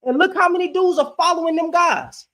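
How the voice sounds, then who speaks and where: A man's voice: very high-pitched, a little fast, bright, forceful tone. A young man hosting a heated live debate, ranting fiercely and cursing freely. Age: young adult. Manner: fiery, profane, ranting.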